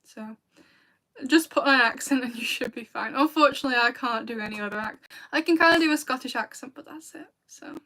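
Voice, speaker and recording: A woman's voice: sits high, brisk, pushed and bright. A British woman chatting casually with viewers on a livestream, rambling and laughing often. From Britain. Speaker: video creator and streamer.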